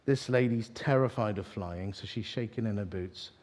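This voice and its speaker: A man's voice: lowish voice, moderate pace, a little mellow. A man preaching at a church evening gathering, telling stories with self-deprecating humor and frequent restarts. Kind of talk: storytelling sermon.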